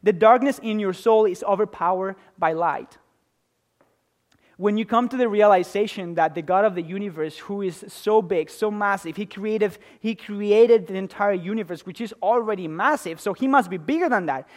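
High-voiced earnest male preacher. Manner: earnest, swings from loud emphasis to soft, slow intimacy. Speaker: pastor. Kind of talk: sermon.

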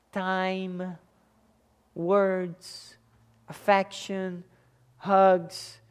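Preacher mid-sermon: slow, deliberate delivery with mid-range pitch, hammering phrases through repetition, loud stresses dropping to quiet asides. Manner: deliberate and emphatic, repeating key phrases.

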